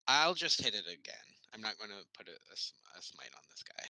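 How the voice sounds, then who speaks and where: Low-ish guy with a really bright tense voice, calmly says what his character does. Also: no room sound, poor audio. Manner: measured, declaring actions. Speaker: player. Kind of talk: tabletop game chat.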